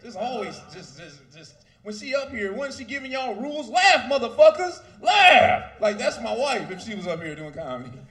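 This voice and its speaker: A man in his thirties doing stand-up, with a high, lively voice that keeps swinging up and down. His delivery is loud, animated and profane. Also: fairly quick, few pauses. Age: 30s. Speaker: stand-up comedian. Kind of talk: stand-up comedy set.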